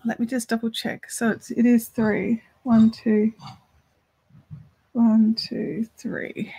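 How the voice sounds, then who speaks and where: A woman's voice: on the high side, level tone, slow pace, warm tone, slightly rough. A woman hosting a crochet live stream, chatting casually and talking straight to her viewers as she reads their messages. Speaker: crochet livestream host.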